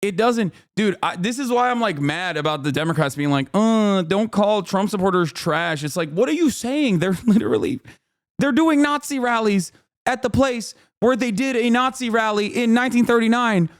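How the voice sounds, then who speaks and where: Indignant high-voiced male streamer. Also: moderate pace. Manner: animated and indignant, swears, laughs often. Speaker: streamer reacting to a clip. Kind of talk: casual live-stream commentary.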